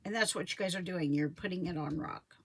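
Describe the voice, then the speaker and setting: A woman's voice: lowish voice, brisk, breathy edge. A woman, chatting casually on a live stream about her homestead, rambling and correcting herself as she goes. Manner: rambling, self-correcting, quotes others in lively voices. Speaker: homesteading vlogger.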